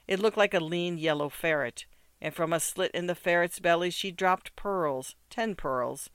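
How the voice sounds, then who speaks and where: A man reads a literary story with measured, rhythmic phrasing, his smooth, resonant voice sitting slightly high. The sound is close and dry, with no room around it. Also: a bit bright, no echo. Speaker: narrator. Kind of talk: scripted narration of a literary story.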